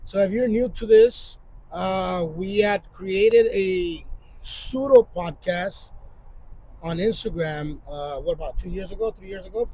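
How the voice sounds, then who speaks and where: A man's voice: high-pitched, a little slow, dark tone, a little hiss or hum, rough recording. A man co-hosting a casual podcast with his brother at a plant nursery, joking loosely and talking over him. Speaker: podcast co-host. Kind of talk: casual chat. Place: plant nursery beside a shed. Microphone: small cheap mic.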